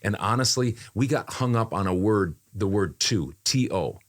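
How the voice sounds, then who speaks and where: A man's voice: lowish voice, animated, normal speed. A man who works as a voiceover artist talks through a recent job in a casual podcast chat, speaking conversationally, repeating phrases and often using fillers.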